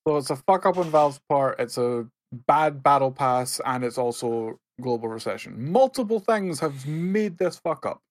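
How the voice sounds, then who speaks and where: Male co-host, animated pitch, wry and jokey, casual chat. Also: moderate pace. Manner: wry, joking. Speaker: podcast co-host. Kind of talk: casual gaming news chat.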